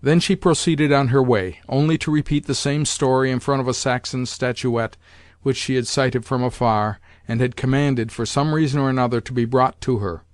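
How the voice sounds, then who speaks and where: A man reading a classic novel aloud as an audiobook narrator in a measured, even manner. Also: medium pitch, no room sound.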